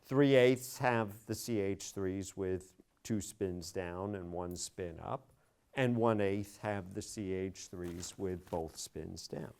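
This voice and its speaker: A man's voice: deep voice, slow pace, vocal fry, darkish tone, clean tone. A middle-aged man giving a university chemistry lecture, spelling out each step methodically and stressing key words. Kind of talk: classroom lecture.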